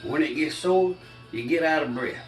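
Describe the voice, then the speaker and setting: A man's voice: on the high side, normal speed, soft background music. Older southern guy, folksy cooking how-to, bit winded, echoey kitchen, mic kinda far off. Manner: folksy, chatty, addresses viewers as y'all. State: short of breath. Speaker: cooking channel host. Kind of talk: casual home cooking demonstration. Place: home kitchen.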